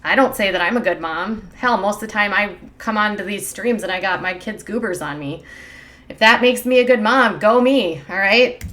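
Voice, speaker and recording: A woman's voice: mid-range voice, normal speed, a bit bright. Opinionated lady streamer, sarcastic, rambly, lots of ums and likes. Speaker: gossip commentary streamer. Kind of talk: casual livestream commentary.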